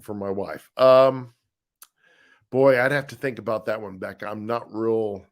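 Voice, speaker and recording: Here the same co-host, husband of the author, talks in a lowish, steady, unhurried voice while reading viewer comments during a laid-back live stream. He rambles easily, laughing and restarting his sentences often.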